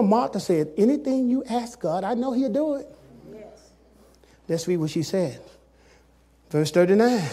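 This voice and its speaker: A male pastor preaching with a husky, strikingly high voice. His pitch leaps all over the place as he calls out to the congregation. He moves from loud shouting to hushed, quiet passages. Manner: preaching with call-and-response, swings from loud shouts to hushed tones. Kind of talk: sermon.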